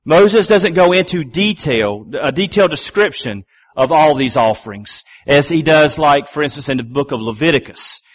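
A man in middle age delivers a measured sermon in a voice pitched a little high for a man. He hammers his main phrases through repetition. When he reads scripture, he drops low and slows right down. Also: expressive. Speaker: pastor.

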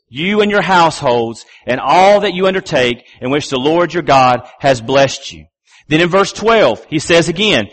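Higher-voiced man preaching a sermon. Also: animated, fairly bright tone. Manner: measured preaching with repeated key phrases, drops low and slow for scripture. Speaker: pastor.

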